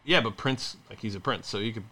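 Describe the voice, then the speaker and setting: A man's voice: fairly low pitch, pushed and bright. A man co-hosting a podcast, teasing his partner in casual banter with a lot of fillers. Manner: teasing, playful, halting with fillers. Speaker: podcast co-host.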